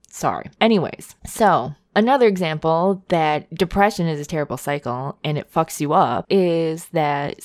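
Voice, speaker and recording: A woman's voice: sits low, no echo, studio quality. A young woman hosting a casual monologue, candid and profane, with frequent tangents and laughter.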